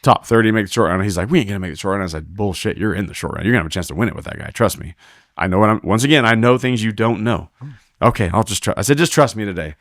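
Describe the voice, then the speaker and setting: This team roper, a guest on a podcast, talks very fast in a lowish voice, captured in clean studio sound with no echo. His casual story is animated, full of acted-out quoted dialogue and free swearing.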